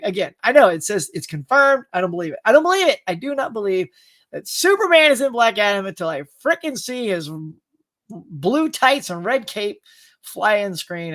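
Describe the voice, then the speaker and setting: A man hosting a pop culture show chats casually about movies, talking freely and laughing often while a dog barks in the background. His voice sits high with a fairly bright tone.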